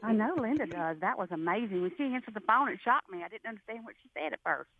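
A woman's voice: medium pitch, expressive, fast talker. Chatty Southern woman on a phone line. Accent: Southern US, Louisiana. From North Louisiana. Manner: chatty, folksy, friendly. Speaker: radio caller. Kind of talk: call-in chat. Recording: tinny phone line, faint hiss.

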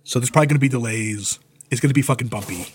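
A man on a podcast, chatting casually and telling profane, animated stories. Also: medium pitch, very fast, a little hiss or hum. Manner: animated storyteller, swears freely, acts out quoted voices. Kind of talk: casual chat.

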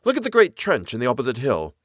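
A man voicing an eager, knowledgeable naturalist man who explains the moor with lively enthusiasm. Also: medium pitch, quick pace, breathy edge, no echo, studio quality. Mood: lecturing.

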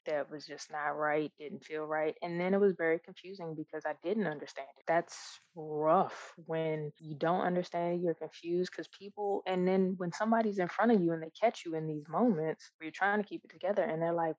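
A woman speaking candidly in a conversation, reflective and earnest, often restarting her thoughts and laughing softly. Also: lowish voice, steady tone, brisk, hardly any pauses, no echo, dull audio.

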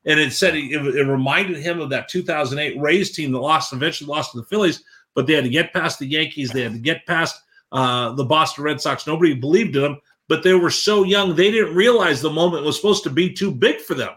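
A man's voice: fairly high pitch, brisk, a bit bright. A man co-hosting a baseball podcast, a broadcaster telling a story in a conversational way. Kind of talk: casual sports talk.

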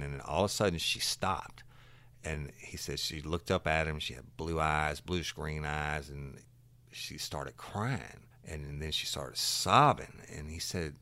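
A man's voice: very deep voice, a bit bright, no echo. A man, a detective recounting a case in blunt, folksy, casual storytelling. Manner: folksy, blunt, curses freely.

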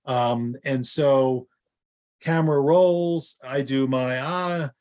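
A male actor and lawyer tells stories as a guest in a loose, casual way. He rambles, restarts his sentences often and fills pauses with ums. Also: mid-range voice, a little mellow. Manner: rambling, with many fillers and restarts. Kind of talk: casual anecdotal storytelling.

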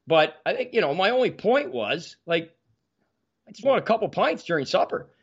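A man's voice: high-pitched, big pitch swings, moderate pace, breathy edge, lo-fi sound. A man in his forties from Ontario, a guest telling rambling, self-mocking stories in casual chat. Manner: rambling, self-mocking anecdotes with frequent restarts.

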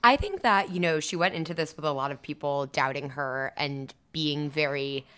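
A woman's voice: deep voice, normal speed, fairly bright tone, clean tone. A woman co-hosting a podcast in casual chat, musing aloud and hedging with "I think" and "I don't know". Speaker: podcast co-host.

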